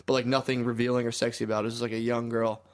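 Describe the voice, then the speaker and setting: A man's voice: medium pitch, flat delivery, very fast, smooth. A man in his thirties co-hosting a podcast, telling rambling, crude anecdotes in casual comedic chat. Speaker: podcast co-host.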